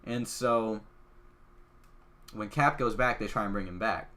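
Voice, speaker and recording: A podcast host, a man, talks through a film's plot in an eager, rambling way, with lots of "like" fillers. His voice sits somewhat low. He sounds casual and caught up in the story. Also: unhurried. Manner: excitable, chatty, lots of "like" fillers. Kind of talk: casual movie recap.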